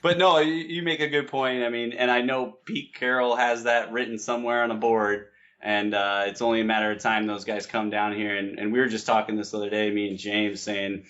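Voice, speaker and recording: A man guesting on a sports podcast chats easily, laughing along. His voice is somewhat low. It comes through a dull, lo-fi remote line. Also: flat delivery, a little fast, a bit bright. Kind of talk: casual sports podcast chat.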